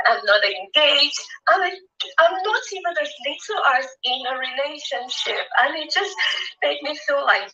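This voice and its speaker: A woman's voice: sits high, lively intonation, a little slow, bright, forceful tone, distant mic, lo-fi sound. A woman in her twenties speaking earnestly and emotionally in a confessional vlog, close to tears. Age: 20s. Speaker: actress.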